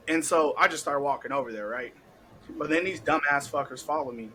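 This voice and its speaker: A young man hosting a podcast, telling a story in a casual, animated way, laughing often and acting out what people said. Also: fairly high pitch, fairly quick, slight background noise, poor audio. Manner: animated, laughing, heavy cursing, acts out quotes. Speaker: podcast host.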